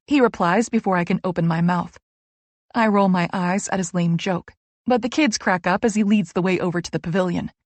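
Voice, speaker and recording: A woman's voice: lowish voice, fairly quick, dry recording. Woman narrating a romance audiobook. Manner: lively, wry first-person storytelling with character voices.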